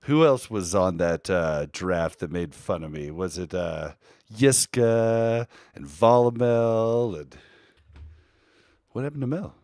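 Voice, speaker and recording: A man with a lowish voice co-hosting a live podcast. He chats loosely and with energy, sometimes lifting into a lighter, softer register. The sound is close and dry, with no room around it. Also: takes it slowly, dry recording. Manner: animated, switches between a deeper casual voice and a higher softer one. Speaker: podcast co-host and streamer. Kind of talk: casual live podcast chat.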